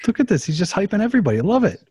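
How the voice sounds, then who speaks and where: Lively husky man teasing his friends. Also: sits high, rapid-fire, no echo, clean studio sound. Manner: teasing, joking, mock outrage. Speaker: quiz player. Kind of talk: casual banter.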